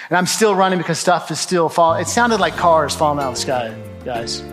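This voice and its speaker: A man giving a spoken testimony to an audience, telling his story dramatically and acting out his own shouts. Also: a little high, expressive, brisk, music in the background. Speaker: guest speaker.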